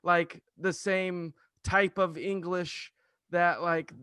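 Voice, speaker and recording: High bright voiced guy asking questions on a podcast. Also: fairly even intonation, takes it slowly, clear, resonant tone, no echo, clean studio sound. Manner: curious, asks lots of questions. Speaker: podcast co-host. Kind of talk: casual chat.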